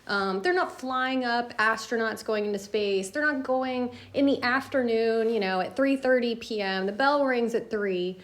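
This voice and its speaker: A woman's voice: a little high, moderate pace, hardly any pauses. Chatty, emphatic woman host. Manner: chatty, emphatic, laughs between points. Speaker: host of an education talk. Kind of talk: casual solo coffee talk.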